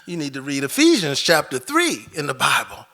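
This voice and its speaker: God speaks low and slow, a calm, patient deity with a gravelly edge, as a man telling a story puts Him on. He gently teases, never raising his voice. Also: heavily acted.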